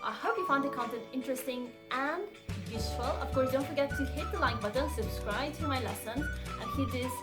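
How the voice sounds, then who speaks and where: A young adult woman teaching a language lesson, saying model phrases slowly and repeating them. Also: high-pitched, over loud music.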